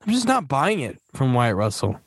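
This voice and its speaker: A man's voice: medium pitch, huge pitch swings, normal speed, slightly rough, no echo. A man giving casual, blunt movie commentary as a podcast host, swearing and scoffing often.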